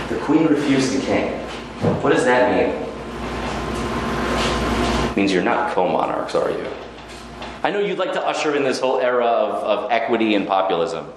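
A man giving a lively Talmud lecture, telling the story with Hebrew quotations and acted asides. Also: medium pitch, moderate pace, long pauses. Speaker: rabbi teaching Talmud. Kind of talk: animated Torah lecture. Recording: very echoey room with faint ambient noise.

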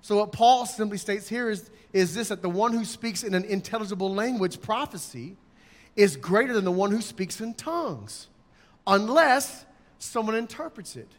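A man's voice: sits high, expressive, moderate pace. A man preaching a sermon in an emphatic way, acting out his examples in raised voices. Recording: long hall reverb.

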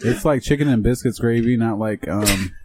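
A man riffs crudely in a casual podcast conversation, brash and loud in his jokes, with a mid-range voice and a laughing, teasing energy. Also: mid-range voice, moderate pace, loud music behind the voice. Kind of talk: casual chat.

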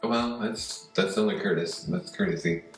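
Laughing co-host in a roomy sound. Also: male voice, on the low side, very animated, normal speed, vocal fry. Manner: laughs often, asks prompting questions. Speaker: podcast co-host and sous chef. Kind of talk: casual chat. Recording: roomy sound with faint music.

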